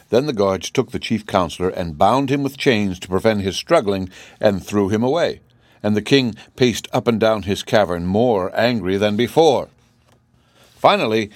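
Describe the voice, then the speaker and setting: A man reads a storybook aloud in a steady, expressive way. His voice is low. It is a close, dry recording with no room sound. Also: no room sound. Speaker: audiobook reader. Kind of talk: storybook narration.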